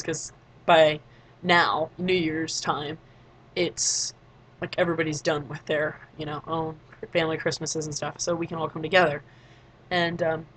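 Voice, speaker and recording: A woman's voice: deep voice, a bit bright, slight background noise, poor audio. A teenage girl telling a story in a casual vlog, chatty, acting out other people's lines. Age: late teens. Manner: chatty, acts out quoted voices, frequent "like". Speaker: vlogger.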